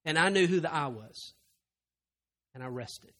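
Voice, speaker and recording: A pastor delivers a sermon in a church with a high, bright voice. He surges to loud, emphatic peaks, then drops to near-hushed confession, repeating phrases for weight. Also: animated, measured pace. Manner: impassioned, swinging from loud to hushed.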